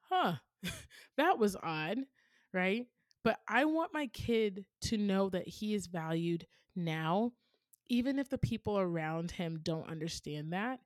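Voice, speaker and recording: A woman in her thirties hosts a podcast and talks through parenting advice in an earnest, storytelling way. Her voice sits a bit low, and the recording is dry and close with no room sound. She keeps it casual, with plenty of "like" and "right?" along the way. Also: no echo. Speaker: podcast host answering a listener question.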